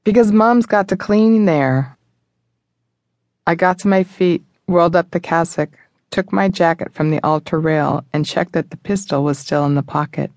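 A man narrating a thriller audiobook in the first person, in a measured, even manner. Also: fairly high pitch, no room sound.

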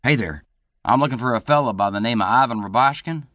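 A man's voice: medium pitch, animated, a little fast, fairly bright tone, dry recording, clean studio sound. A man narrator voicing a confident, friendly cowboy who speaks in a drawl. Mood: easygoing.

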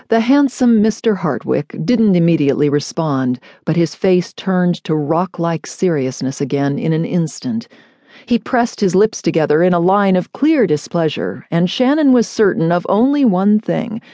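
Woman narrating an audiobook, warm and dry. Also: fairly low pitch, expressive, measured pace, dry recording. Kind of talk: audiobook narration of a romance novel.

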